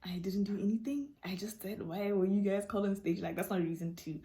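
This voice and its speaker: A woman's voice: medium pitch, a little hiss or hum. A young woman vlogger telling stories and answering viewer questions in a casual chat, acting out dialogue with sudden jumps in voice. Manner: animated, acts out dialogue with quick voice jumps.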